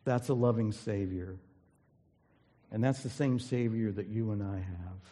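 A man's voice: fairly low pitch, measured pace, dark tone. A man preaching a sermon as pastor, earnest and emphatic, building energy as he retells a story, recorded in a church sanctuary. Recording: long reverb of a large hall.

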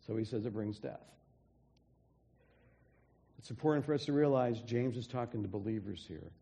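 Pastor guy preaching, mellow dark voice, big echoey church sound. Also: fairly low pitch, normal speed, gravelly, breathy edge. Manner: earnest, with frequent restarts and soft drops for emphasis. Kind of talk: sermon.

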